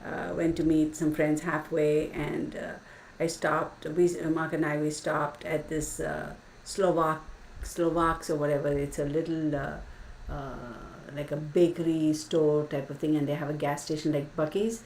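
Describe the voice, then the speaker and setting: Her voice is low, a little slow and mellow, with little pitch movement, caught by a distant mic in an echoey room with faint hiss. As host of a casual livestream, she tells stories chattily, laughs a lot and says "y'all."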